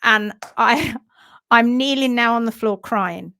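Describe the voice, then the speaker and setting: Woman host, hoof trimming instructor, lively storyteller, somewhat high voice, live-stream chat. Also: takes it slowly. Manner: animated, acts out sounds and voices.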